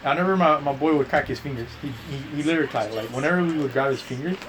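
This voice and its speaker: A man's voice: a little high, racing, background noise. A young man chatting casually while gaming, rambling through a crude story with lots of swearing and restarts. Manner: rambling, profane, restarts a lot. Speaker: gamer telling a story.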